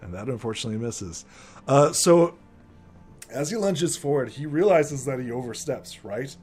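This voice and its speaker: A man narrating a tabletop game as game master, casual and full of fillers, laughing often. His pitch swings a lot as he describes the action. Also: animated, moderate pace, a little mellow, breathy edge, soft background music.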